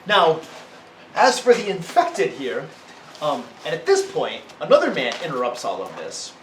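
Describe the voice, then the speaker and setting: A man narrating as game master in a casual, halting way. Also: on the high side, huge pitch swings, slight background noise. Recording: echoey room, mic at a distance.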